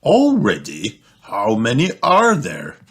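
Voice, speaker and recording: A man reading a storybook aloud, voicing a jolly, easygoing father pig in a deep jovial tone. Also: expressive, slow, noisy background.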